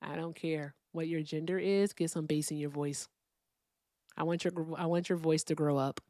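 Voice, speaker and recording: A woman's voice: deep voice, steady tone, normal speed, warm tone, no room sound, clean studio sound. A woman in her thirties hosting a live debate stream, blunt and profane as she talks to callers and chat. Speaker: livestream host.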